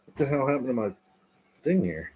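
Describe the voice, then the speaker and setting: A man's voice: mid-range voice, very animated, fairly quick, a little mellow, a little hiss or hum. A man in his thirties chatting casually and joking on his own livestream, swearing and laughing often. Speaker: livestream host.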